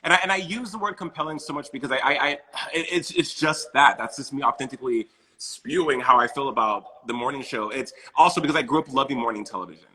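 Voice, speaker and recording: A man hosting an interview, gushing with enthusiasm and stumbling over repeated words, with a husky voice. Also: mid-range voice, fast, few pauses, sharp tone, poor audio. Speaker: interview host. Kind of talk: casual interview chat.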